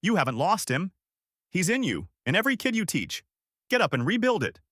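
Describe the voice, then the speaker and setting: A man voicing a loyal young man who yells encouragement to a grieving friend. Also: medium pitch, very animated, normal speed, dry recording, studio quality. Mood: urgent. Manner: yelling encouragement.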